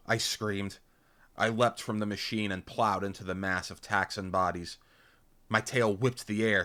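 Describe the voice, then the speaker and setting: A man narrating an action-packed novel in first person, intense and punchy, voicing loud sound effects. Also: fairly low pitch, fairly even intonation, moderate pace. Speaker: audiobook reader.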